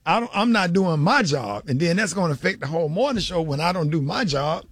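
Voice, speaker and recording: A man's voice: fairly high pitch, lively intonation, a little fast, fairly bright tone, slightly rough, dry recording, clean studio sound. A man hosting a radio morning show, playing along with a caller in disbelief. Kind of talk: radio banter.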